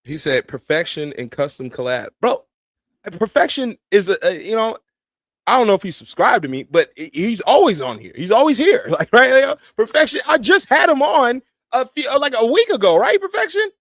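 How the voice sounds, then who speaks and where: A man's voice: high-pitched, very animated, normal speed, fairly bright tone, no echo. A man hosting a live stream, giving casual commentary in a blunt, heated and profane way. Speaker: streamer host.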